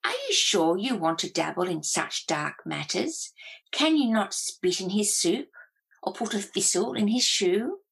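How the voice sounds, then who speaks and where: A woman's voice: mid-range voice, lively intonation, a little slow, gravelly, a bit bright, husky, full character voice, low-quality recording. A woman voicing an ancient, toothless female witch who mocks and probes with sly questions.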